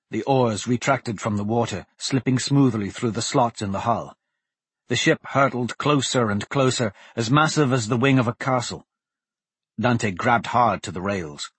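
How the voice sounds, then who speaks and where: A male audiobook narrator reads a fantasy novel in a measured, steady way. His voice is mid-pitched with a husky grain. The recording is dry and close. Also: dry recording.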